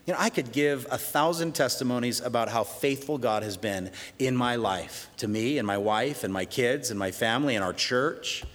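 A middle-aged man preaching a sermon as pastor, swinging between loud praise and hushed storytelling. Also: medium pitch, moderate pace, few pauses. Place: church sanctuary. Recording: long reverb of a large hall.

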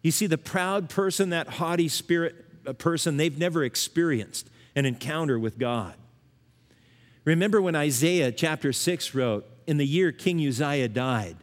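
An older man preaching with earnest conviction, his slightly high voice rising for emphasis and then sinking low and quiet. A long church-hall reverb trails behind every phrase. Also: animated, a little slow. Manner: earnest, swings between emphatic rises and hushed low lines. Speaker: pastor. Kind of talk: sermon.

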